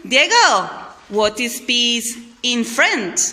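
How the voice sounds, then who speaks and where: A woman teacher leading a class slowly and clearly, praising and prompting the group to repeat after her. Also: a little high, very animated, sharp tone. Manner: slow, clear, encouraging. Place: school hall or classroom. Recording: echoey room with faint noise.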